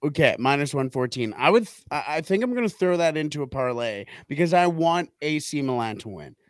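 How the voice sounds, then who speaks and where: A man's voice: a little high, animated, fairly quick, no room sound. A man co-hosting a casual football podcast, rambling through his picks with many restarts and repeated words. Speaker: podcast co-host. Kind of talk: casual sports betting chat.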